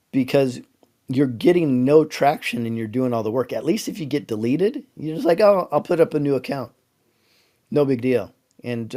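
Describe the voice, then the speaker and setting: Animated male livestream host. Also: mid-range voice. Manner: animated storyteller, halting and emotional when moved. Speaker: show host answering viewer questions. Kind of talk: casual livestream Q&A.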